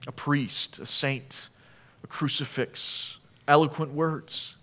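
A male pastor with a high voice delivers a sermon. He talks earnestly and keeps putting questions to his listeners, building to loud, emphatic appeals and then sinking back down low. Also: steady tone, slow pace. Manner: asks the listeners many questions.

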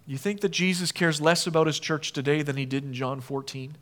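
A male pastor with a high voice delivers a sermon. He talks earnestly and keeps putting questions to his listeners, building to loud, emphatic appeals and then sinking back down low. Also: a little fast. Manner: asks the listeners many questions.

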